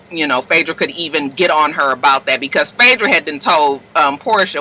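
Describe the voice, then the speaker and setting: A woman vlogger giving a chatty, rambling recap of a reality show, cursing freely and jumping to high-pitched outbursts, wired on coffee. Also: bright, forceful tone, low-quality recording. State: wired on coffee, talking fast. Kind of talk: casual rambling commentary.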